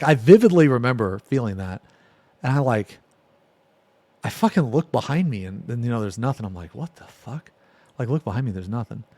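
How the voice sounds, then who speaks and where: A male streamer telling a story to his chat in a loose, rambling way, heavy on "like" and swearing. His voice sits at an ordinary pitch. The sound is dry and close to the mic. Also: no echo. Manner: rambling, profane, filler-heavy.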